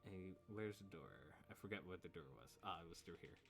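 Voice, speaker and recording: A man running a tabletop game as game master, casual and rambling, with quick sound-effect interjections. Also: low-pitched.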